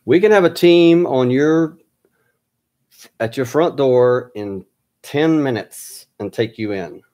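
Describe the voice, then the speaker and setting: A man quoting a stern, deep-voiced male agent on the phone, in a slow, flat, deliberate delivery. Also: highs cut off.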